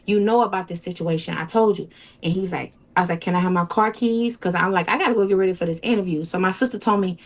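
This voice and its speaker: A woman guest in an interview, telling a personal story in a halting, emotional way and acting out what people said. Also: on the low side. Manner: tells events with quoted dialogue, emotional, halting.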